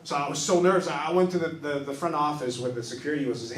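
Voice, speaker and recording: Stand-up comic in a roomy club. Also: male voice, fairly high pitch, fairly even intonation, distant mic. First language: not English. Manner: storytelling, acts out characters in quick bursts. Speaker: stand-up comedian. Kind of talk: stand-up comedy set. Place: small improv club stage, live audience.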